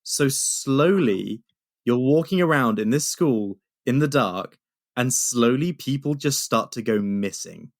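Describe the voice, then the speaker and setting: A man's voice: mid-range voice, lively intonation, measured pace, no room sound, studio quality. A young man co-hosting a podcast, telling stories in a rambling way with many restarts. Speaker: podcast co-host. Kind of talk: casual chat.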